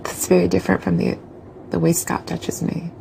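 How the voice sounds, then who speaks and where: A woman's voice: fairly low pitch, monotone, normal speed, gravelly, mellow, slight background noise, rough recording. A woman speaking as a client in a therapy session, earnest and reflective.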